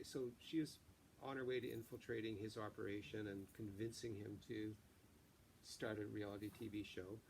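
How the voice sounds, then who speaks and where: A man, the author, chatting haltingly about his novel and then reading passages aloud. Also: medium pitch, gravelly, darkish tone, slight background noise. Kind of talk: book reading and chat.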